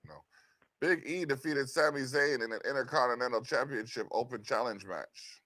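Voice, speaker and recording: A man's voice: medium pitch, moderate pace, pushed and bright, no room sound. A man co-hosting a wrestling podcast who recaps match results and answers with short murmurs. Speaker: podcast co-host. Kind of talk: casual wrestling chat.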